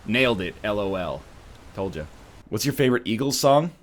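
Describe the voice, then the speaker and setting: A man's voice: fairly low pitch, expressive, brisk. A man riffing and joking sarcastically in casual stream chat. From Canada.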